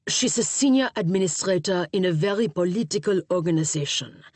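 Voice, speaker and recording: A man's voice: high-pitched, a little fast, a little mellow, no echo. A woman voicing a male police chief who talks in a dry, matter-of-fact way. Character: Interpol chief, male boss, brisk and political.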